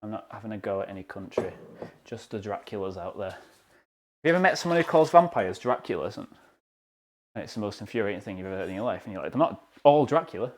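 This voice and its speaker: A young man with a British accent talks through his baking in a home kitchen during a live stream. His voice sits on the low side, and his delivery is loose and chatty, full of self-deprecating jokes. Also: animated, fast talker. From United Kingdom.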